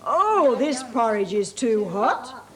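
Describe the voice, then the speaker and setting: A woman voicing a big, loud father bear in a children's storybook telling, on an old hissy TV tape. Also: a little high, very animated, slow, heavily acted, low-quality recording. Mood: indignant.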